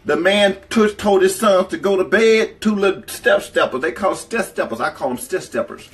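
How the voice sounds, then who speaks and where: A man with a slightly raised pitch tells stories casually on a livestream. He talks in a profane, rambling way and stops now and then to greet the people in his chat. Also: animated, moderate pace, hardly any pauses, a bit bright. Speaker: livestream storyteller.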